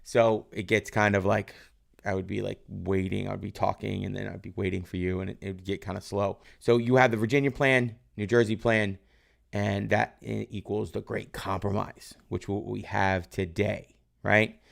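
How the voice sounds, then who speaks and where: Male teacher, low gravelly voice, casual live review lesson, keeps quizzing the class and praising answers. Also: level tone, normal speed. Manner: quizzes viewers and praises their answers from chat; loose, rambling, tag questions like "right?". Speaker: history teacher.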